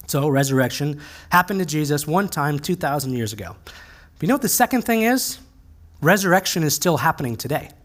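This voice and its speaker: A male pastor giving a conversational, earnest sermon, slowing down to stress key phrases. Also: fairly high pitch.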